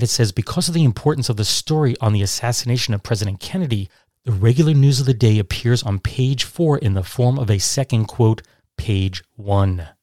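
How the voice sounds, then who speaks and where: A man presenting and reading aloud old newspaper headlines, talking informally and reading quoted lines slowly and deliberately. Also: on the low side, a little mellow, no echo, studio quality. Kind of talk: informal educational narration.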